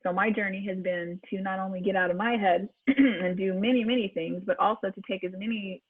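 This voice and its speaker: Husky woman voice coach over a tinny call. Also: medium pitch, fairly even intonation, fairly quick, no echo. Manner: encouraging, chatty, with fillers and restarts. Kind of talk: online public speaking class. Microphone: video call. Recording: tinny video-call audio, dry.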